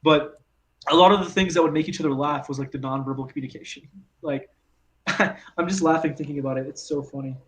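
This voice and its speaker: A man's voice: on the high side, steady tone, a little fast, a bit bright. A young man, a guest actor, chatting casually in a laid-back way, with "like" all through his speech. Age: young adult. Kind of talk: casual chat.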